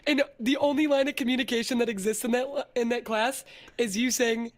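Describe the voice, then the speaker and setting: A young adult woman chatting playfully as a guest, quick to laugh and animated. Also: high-pitched. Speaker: vtuber guest. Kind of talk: playful casual chat.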